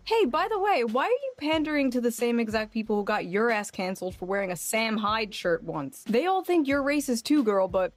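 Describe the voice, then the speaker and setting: Sarcastic woman with a higher voice. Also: expressive, brisk, few pauses, no room sound. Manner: sarcastic, mocking. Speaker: video commentator. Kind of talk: sarcastic video commentary.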